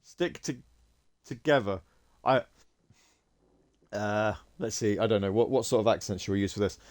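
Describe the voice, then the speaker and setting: A man's voice: on the low side, moderate pace, a little mellow. A man giving chatty, wry commentary while playing a video game and thinking aloud. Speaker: gaming video creator. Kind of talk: let's play commentary.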